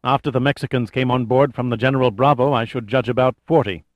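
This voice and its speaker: A man's voice: mid-range voice, fairly even intonation, fast, dry recording, close to an everyday voice. A man voicing a stiff, impatient male cruise ship captain under strain.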